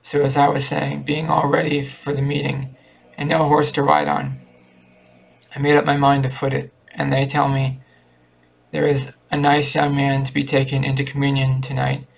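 A man reading the lines of a gossiping old woman who cackles, in his own flat, barely changed voice. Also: medium pitch, moderate pace, creaky, breathy edge. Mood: gossipy.

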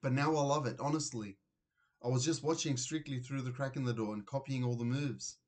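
A man's voice: medium pitch, fairly even intonation, fairly quick, close to an everyday voice. A man voicing a flustered young boy caught in a fib, in a children's storybook reading. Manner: hesitant, flustered.

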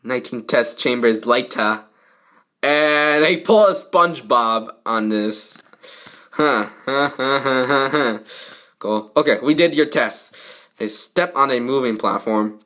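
A man's voice: mid-range voice, slow pace, pushed and bright. A young man reading a fan fiction aloud with rambling comments, often jumping into character voices. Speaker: fanfic reader. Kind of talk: casual fanfic read-aloud with comments.

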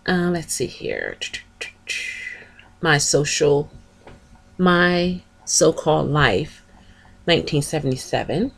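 Low, slow-talking woman vlogger. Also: sing-song, vocal fry. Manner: chatty, gushing, spells out names. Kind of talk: casual chat, shouting out channels.

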